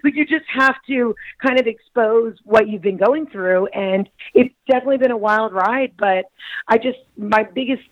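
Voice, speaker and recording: Woman comedian, guest spot, giggly animated storyteller, dry dull lo-fi line. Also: a little high, moderate pace, no room sound. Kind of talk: casual podcast interview.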